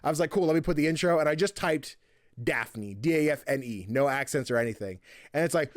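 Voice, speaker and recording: A man hosting a casual podcast, telling stories in an animated, laughing way, with a tired throat. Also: fairly high pitch, fast talker, no room sound, clean studio sound. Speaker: podcast host.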